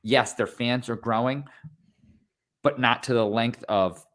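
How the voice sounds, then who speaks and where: Speaking at a medium pitch and a measured pace, this young podcast co-host recaps a fight with casual excitement. He curses along the way and imitates the crowd's reactions.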